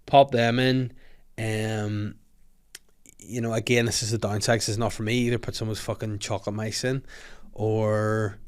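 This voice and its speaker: Here the young Northern Irish podcast host sounds on the low side, with a level, clean tone at normal speed. He keeps up rambling, jokey comedic chat laced with crude asides.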